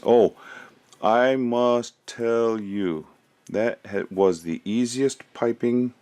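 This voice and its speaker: Working on resin crafts at home, a man chats casually, rambling and thinking out loud as he goes. His voice is on the low side, darkish and clean.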